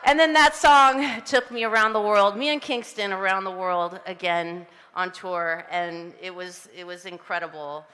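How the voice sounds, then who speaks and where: Woman in her fifties, gushing acceptance speech, bright forceful tone, PA echo ringing across an outdoor street. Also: on the low side, fairly even intonation, moderate pace, few pauses. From Southern California. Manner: breathless, giggly, gushing with frequent laughs. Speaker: honoree giving acceptance speech. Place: outdoor ceremony on a public street.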